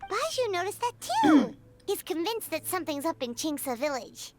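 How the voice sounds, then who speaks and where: A woman voicing a tiny excitable female fairy companion in a game, with a very high, squeaky, bouncy voice, heard over loud game music. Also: moderate pace. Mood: curious.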